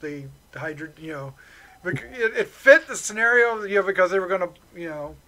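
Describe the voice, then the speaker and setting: A man on a podcast panel casually giving an enthusiastic film review, talking in quick bursts with restarts. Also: high-pitched, lively intonation, sharp tone, rough recording.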